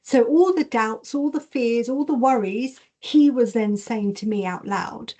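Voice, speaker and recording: A woman leads an online masterclass in a fairly high voice. She talks in an animated way, reads chat questions aloud and acts out her inner voices as she teaches. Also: a little slow. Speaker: intuition and Reiki teacher.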